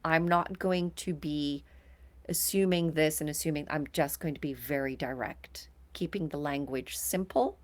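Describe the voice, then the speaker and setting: A woman co-hosting a podcast, giving calm, direct advice in casual talk. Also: sits low, a little slow. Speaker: podcast co-host.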